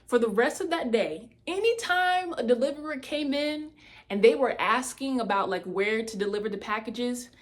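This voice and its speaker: A woman telling a personal testimony in a casual, animated way, speaking straight to her listeners. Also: fairly high pitch, moderate pace.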